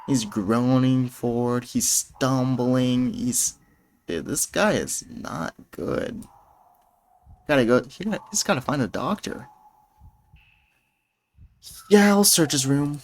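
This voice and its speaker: A young man reads an interactive gamebook aloud at a slow, easy pace, his voice sitting in an ordinary middle pitch. He keeps breaking off from the text into rambling, excited asides. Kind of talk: casual let's-play narration.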